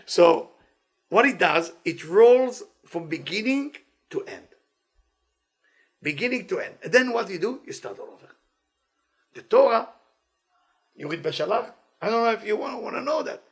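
A man giving a weekly inspirational Torah talk as a teacher, animated and playful, in non-native English phrasing. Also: sits high, moderate pace, pauses often, breathy edge.

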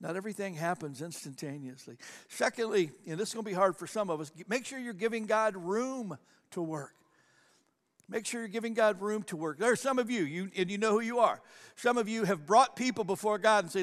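A pastor preaching a sermon, telling a personal story in an animated way and acting out the people in it. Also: male voice, sits high, a little fast. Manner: animated storytelling, acts out quotes. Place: church sanctuary. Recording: long church hall reverb.

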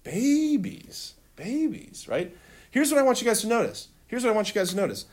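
Animated man teaching a class. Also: very high-pitched, moderate pace. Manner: animated, laughing, asks students questions. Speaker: religion teacher. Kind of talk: classroom teaching with call-and-response.

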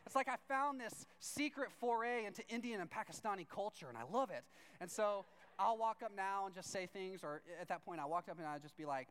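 A man tells a long, animated story from the pulpit, slipping into each person's voice as he quotes them. His voice sits high for a man and comes across smooth and clean. He talks loosely, with "like" in nearly every line. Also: fast talker. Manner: animated, acts out both sides of conversations; chatty, leans on "like" as filler. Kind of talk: storytelling sermon.

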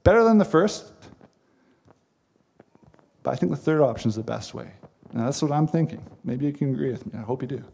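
A man's voice: medium pitch, lively intonation, fairly quick, gravelly, pauses often, darkish tone, breathy edge. A man preaching a sermon as pastor, earnest and emphatic, with repeated phrases.

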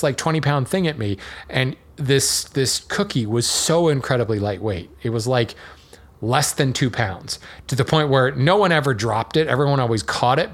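Male podcast host, mid-range voice, relaxed explainer who rambles and chuckles. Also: mid-range voice. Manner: chatty and digressive, with fillers and small laughs. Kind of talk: casual educational monologue.

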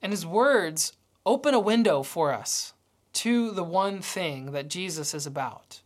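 A woman's voice: on the low side, expressive, a little slow, darkish tone. A woman preaching a sermon, telling a story and acting out its dialogue.

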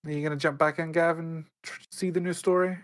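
A man trading banter with friends on a gaming podcast. His voice sits a bit high for a man, and he talks in quick, excitable bursts, often breaking into laughter. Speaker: podcast co-host. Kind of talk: casual gaming chat.

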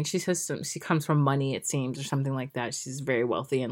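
Low-voiced woman giving a chatty review. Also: brisk. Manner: chatty, critical, lots of fillers and restarts; exasperated, sarcastic asides. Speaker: pop culture commentator. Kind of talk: casual spoken review.

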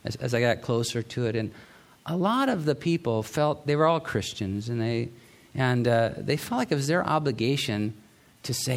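A man's voice: mid-range voice, lively intonation, moderate pace, creaky. A middle-aged male pastor giving a sermon in a conversational, storytelling way, often restarting his sentences.

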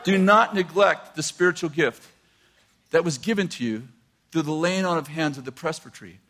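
An older man preaching a sermon, animated and laughing often as he quotes scripture. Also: on the high side, moderate pace. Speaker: pastor.

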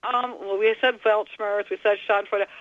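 A man's voice: high voice, fairly even intonation, normal speed, no room sound. A man chatting enthusiastically as a guest on a radio show, with a slightly rambling way of talking. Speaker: studio guest. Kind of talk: casual radio chat. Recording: slightly dull, dry radio sound.

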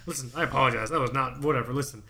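A man from South Florida trades jokes and quick banter as co-host of a casual chat. His voice sits at a plain middle pitch. He talks in an animated, playful way. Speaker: podcast co-host.

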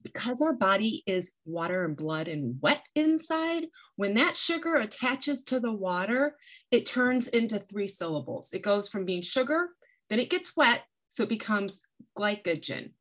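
A woman's voice: medium pitch, sing-song, measured pace, fairly bright tone. Woman teaching a nutrition webinar. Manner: explains with everyday analogies and props; conversational, uses "like" and "right?". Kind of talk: educational webinar talk.

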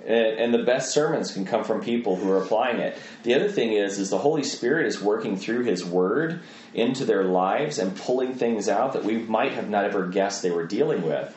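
A man speaking as a guest in a conversational interview, an animated storyteller who acts out the voices of people in his stories. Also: lowish voice, moderate pace, roomy sound, highs cut off, slight background noise. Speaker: guest, missionary trainer.

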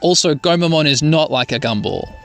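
A man's voice: a little high, lively intonation, a little fast, vocal fry, fairly bright tone, faint music behind. A man voicing Gomamon, a cheeky seal-like creature from a game. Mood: indignant.

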